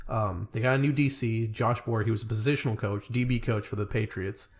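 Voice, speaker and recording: Young man in relaxed, rambling sports chat. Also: on the low side, brisk. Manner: laid-back, rambling, fumbles names. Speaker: podcast co-host.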